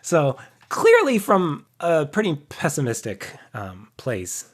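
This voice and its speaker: A man's voice: on the high side, wildly swooping pitch, slow. A man co-hosting a podcast while sick, chatting casually and self-deprecatingly with frequent laughs. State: sick with covid. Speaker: podcast co-host. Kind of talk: casual chat.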